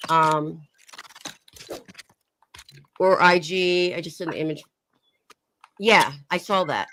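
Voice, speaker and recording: A woman's voice: on the low side, slow, a bit bright, a little hiss or hum. A young woman chatting casually on her live stream, reading chat messages aloud and laughing often.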